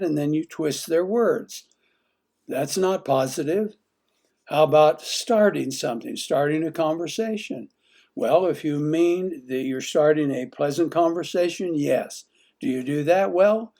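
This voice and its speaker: Mellow-voiced man teaching marriage communication. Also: fairly high pitch, expressive, unhurried. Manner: asks the listener many direct questions. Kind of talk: instructional talk.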